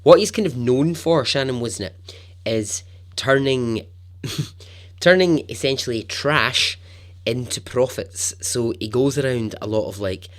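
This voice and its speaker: A man hosting a storytelling podcast, narrating in a chatty, animated way with asides. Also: medium pitch, measured pace. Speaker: podcast host.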